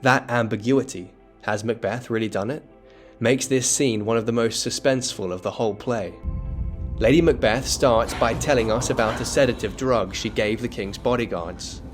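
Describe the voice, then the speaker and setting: A man's voice: medium pitch, faint music behind. Man narrating a literature lesson. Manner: measured, dramatic storytelling tone. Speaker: literature explainer. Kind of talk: scripted educational narration.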